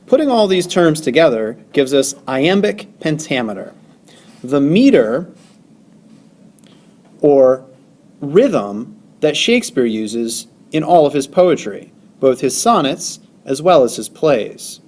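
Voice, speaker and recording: A man's voice: fairly high pitch, sing-song, takes it slowly, a little mellow. A male teacher lecturing over slides, stressing syllables and counting them aloud.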